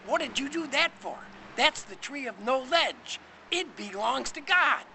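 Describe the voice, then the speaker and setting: A man voicing a brash, excitable first man in a storybook garden, talking loud and high. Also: a little slow, gravelly, slight background noise, exaggerated voice. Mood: blustering.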